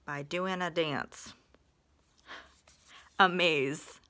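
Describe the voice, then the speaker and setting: Bright, slightly forceful and expressive, this woman's medium-pitched voice guides listeners through phonics at a relaxed pace. As a phonics teacher, she stretches out every sample word and sentence with patient care.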